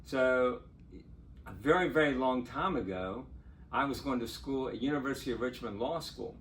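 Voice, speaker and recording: An older man, a lawyer, telling a true personal story in a chatty, animated way and laughing now and then. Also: mid-range voice, moderate pace. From Portsmouth, Virginia. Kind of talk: casual spoken storytelling.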